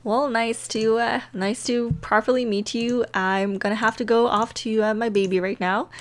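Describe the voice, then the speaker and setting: A woman's voice: a little high, fairly even intonation, moderate pace, natural voice. A woman voicing a breezy young mom. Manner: breezy, casual. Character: casual young mother in a life-sim game.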